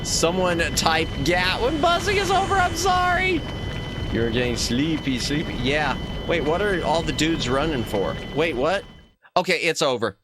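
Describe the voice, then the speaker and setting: A man streaming a game as a VTuber, chatting casually with viewers and reacting loudly to what happens on screen. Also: a little high, big pitch swings, measured pace, noisy background. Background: game music.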